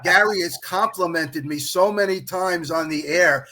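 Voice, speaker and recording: A man's voice: high voice, moderate pace. A middle-aged man, a guest on a podcast, telling a long anecdote in casual chat and quoting others as he goes. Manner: animated anecdote-telling, quotes others in dialogue. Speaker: podcast guest, official baseball scorer.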